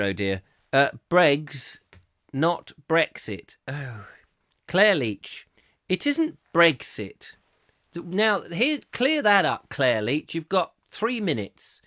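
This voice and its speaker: Jokey man with a lively voice. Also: no echo, clean studio sound. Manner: jokey, chatty, pitch swoops for comic effect. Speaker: host of a comic chat show. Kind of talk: comic rambling chat reading viewer comments.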